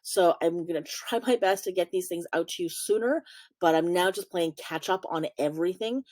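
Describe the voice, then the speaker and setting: A woman vlogger speaking in a somewhat low voice, recorded dry and close with no room sound. She comes across as apologetic and halting, leaning on fillers as she goes. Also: darkish tone, dry recording. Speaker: vlog host. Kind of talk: casual vlog intro.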